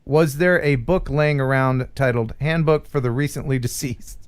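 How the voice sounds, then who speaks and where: A man's voice: mid-range voice, fairly even intonation, moderate pace, clear, resonant tone. A man, around his forties, hosting a casual live stream chat in a goofy, playful way and laughing often. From USA.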